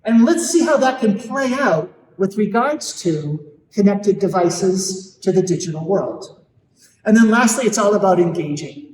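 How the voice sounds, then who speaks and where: A man giving an earnest live talk to parents, emphatic and slowing down hard on key points. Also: high voice, animated, darkish tone, a little hiss or hum. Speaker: Catholic speaker on parenting. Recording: echoey hall, mic at a distance.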